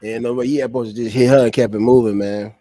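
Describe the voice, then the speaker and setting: This man talks in a loose, slangy ramble, circling back and repeating himself as he reacts. His voice sits at an ordinary middle pitch. It comes through a close, dry mic with no room sound. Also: steady tone, fast, dark tone, no room sound. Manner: loose, repetitive, slangy and profane. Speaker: online commentary host. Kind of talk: casual livestream commentary. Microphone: streaming setup mic.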